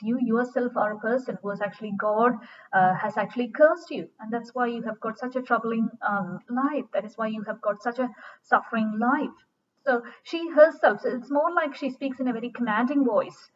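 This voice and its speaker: A woman giving a recorded literature lecture, reading verse aloud slowly and dramatically, then explaining it with much repetition. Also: on the high side. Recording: dull distant recording.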